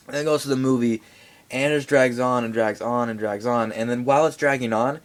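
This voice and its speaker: A man's voice: medium pitch, moderate pace. A young man giving a casual, rambling movie review in a home vlog, full of fillers and asides. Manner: rambling, animated, many fillers.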